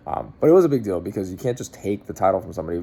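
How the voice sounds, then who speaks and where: A man with a low, mellow voice and a gravelly edge tells a long story in a loose, rambling way. He stops and restarts often and fills gaps with fillers. Faint noise sits behind him. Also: big pitch swings, racing. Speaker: car dealer. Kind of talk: casual storytelling.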